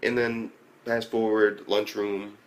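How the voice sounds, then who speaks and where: Profane, rambling low-voiced male reviewer. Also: slow pace. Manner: profane, loose storytelling full of fillers; jumps to excited high-pitched reactions. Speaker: anime reviewer. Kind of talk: casual episode review.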